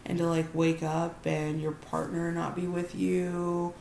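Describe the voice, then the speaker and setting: A female podcast co-host recapping animatedly in casual chat, with some easy swearing. Her low voice carries a gravelly fry. The room is echoey, with faint background noise. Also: flat delivery, measured pace, a little mellow.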